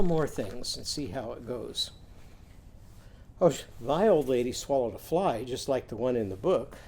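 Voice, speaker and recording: A man's voice: mid-range voice, animated, normal speed, a little mellow. A man teaching a children's literacy lesson, singing simple chants and leading the class in call-and-response.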